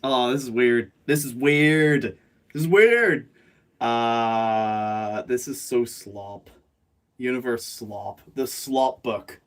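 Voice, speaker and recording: A man's voice: medium pitch, steady tone, slow, clean tone. A man chatting casually on a live stream from his bedroom, self-mocking, jokey and rambling, speaking into a phone rather than a proper microphone. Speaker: streamer and animator. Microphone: phone, not a proper microphone.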